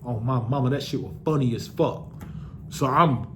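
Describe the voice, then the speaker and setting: A man's voice: mid-range voice, moderate pace, noisy background. A young man casually telling a personal story to the camera, loose and profane, with lots of restarts.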